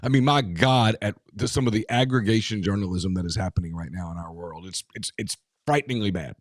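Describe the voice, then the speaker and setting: A man co-hosting a casual sports talk show, talking in an emphatic way with quick asides and restarts. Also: on the low side, no echo, clean studio sound. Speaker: podcast co-host.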